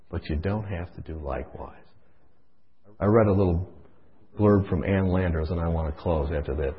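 A man preaches with passion, shifting from hushed stories to loud pleading, and leaves long pauses as he goes. His low voice moves at a normal speed, captured in a dull lo-fi recording.

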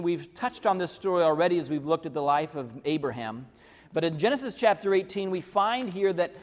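A male pastor preaching a conversational, story-led sermon full of restarts. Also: high voice. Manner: conversational, with many restarts and fillers. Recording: long reverb of a large hall.

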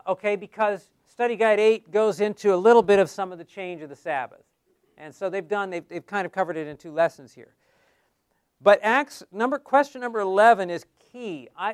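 A man's voice: high voice, clean tone, no room sound, clean studio sound. A man teaching a class on how to give Bible studies, in a conversational way that keeps asking the class questions.

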